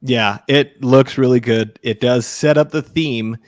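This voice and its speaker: Guy co-hosting a film podcast, mid-pitch, dry close sound, upbeat. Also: no room sound. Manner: enthusiastic, quick agreeing interjections. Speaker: podcast co-host. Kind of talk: casual film discussion.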